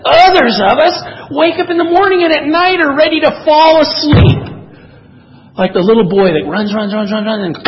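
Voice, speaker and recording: A man's voice: extremely high pitch, normal speed, big-room sound, lo-fi sound. A man preaching a sermon, telling stories and acting out quotes with energy. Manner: animated storyteller, voices quotes. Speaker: pastor.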